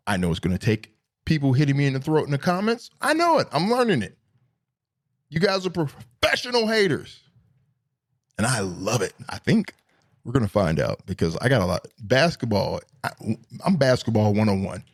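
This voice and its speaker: Man, middle-aged, podcast host, casual monologue, fairly high voice, lively swooping pitch, profane. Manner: animated, profane, rambling, swings between high and low pitch.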